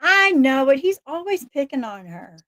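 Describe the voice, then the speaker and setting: A woman hosting a casual live stream, talking in an excitable, rambling way and laughing often. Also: high voice, normal speed, dry recording, studio quality. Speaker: livestream host.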